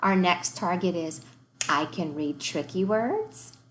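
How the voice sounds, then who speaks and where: A woman teaching a recorded reading lesson to young children. She sounds out words slowly, one sound at a time, cheerful and encouraging. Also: on the low side, lively intonation, a little hiss or hum.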